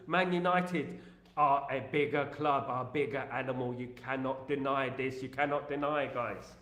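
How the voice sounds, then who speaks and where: A man's voice: medium pitch, steady tone, moderate pace, a bit bright, reverberant. A man hosting a football fan channel, chatting casually on a live stream and reading out viewer messages in a repetitive, joking way full of filler phrases.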